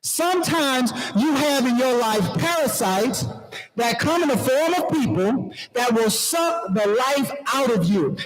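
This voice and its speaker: On stage in a conference hall, a man with a very high voice emcees the event, addressing the crowd directly in a lively way that's both playful and preachy. The audio quality is poor.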